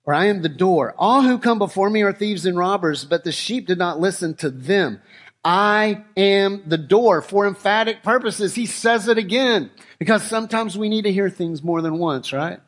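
A middle-aged man preaching a sermon, shifting from relaxed storytelling to slow, emphatic declarations. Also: sits high. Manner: conversational storytelling that builds to emphatic, slowed declarations. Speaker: pastor.

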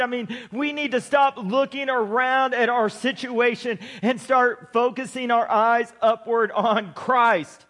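Pastor, middle-aged man, very high voice, emphatic sermon with casual joking asides. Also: fairly bright tone. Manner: preaching with slow emphatic build-ups, then chatty joking asides.

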